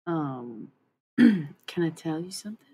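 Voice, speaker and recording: A woman's voice: sits low, expressive, slow pace, dark tone, slightly rough, low-quality recording. A woman livestreamer rambling casually with her viewers, cursing freely as she talks. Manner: rambling, profane, chatty.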